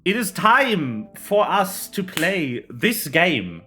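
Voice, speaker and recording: Bright lively male game master. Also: high voice, takes it slowly, soft background music. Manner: chatty, laughs often. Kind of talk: casual chat before a tabletop game.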